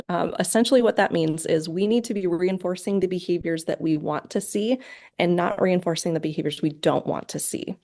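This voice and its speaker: A woman with a lower voice and a gravelly edge gives an online lecture. She explains each step clearly and slips into short quoted lines from parents and kids. Her voice comes through a video call. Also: warm tone. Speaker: parent training presenter. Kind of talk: lecture presentation.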